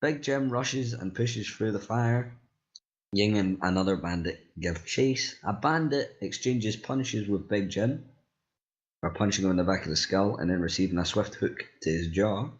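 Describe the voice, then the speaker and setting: A man with a fairly low voice reads a group-written story aloud at normal speed, laid-back and crude, pausing to fix mistakes. It's casual read-aloud storytelling with lo-fi sound.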